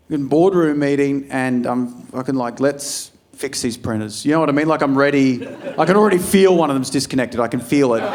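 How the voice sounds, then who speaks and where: An Australian man doing a stand-up set, swearing freely and acting out scenes from his stories. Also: fairly high pitch. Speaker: stand-up comedian. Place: comedy club stage. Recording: live room with a laughing crowd.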